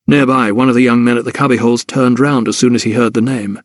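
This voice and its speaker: Male audiobook narrator, mid-pitched, measured delivery, dry booth sound. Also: no room sound. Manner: measured, even storytelling. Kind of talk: scripted narration.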